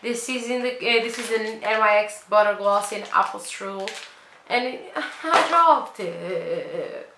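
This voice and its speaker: A woman's voice: medium pitch, unhurried, vocal fry. Chatty, dramatic woman vlogger, echoey room. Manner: chatty, dramatic complaints, self-mocking. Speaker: beauty vlogger. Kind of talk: casual product review. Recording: echoey room with faint noise.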